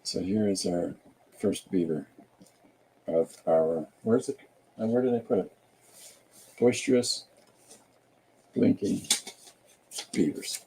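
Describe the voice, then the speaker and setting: A man's voice: low-pitched, slow, long pauses, dark tone, a little hiss or hum. A man hosting a podcast, chatting casually and jokingly while he draws, rambling and musing aloud. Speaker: podcast host and artist. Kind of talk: casual chat while drawing.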